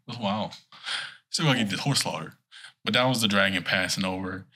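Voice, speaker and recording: A man's voice: sits low, fairly quick, pushed and bright, slightly rough. A man in casual chat, telling a rambling, playful story as a podcast co-host.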